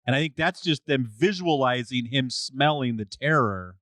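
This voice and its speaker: A man co-hosting a podcast in casual chat, reacting quickly and laughing often. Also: mid-range voice, expressive, fairly bright tone, dry recording, clean studio sound. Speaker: podcast co-host.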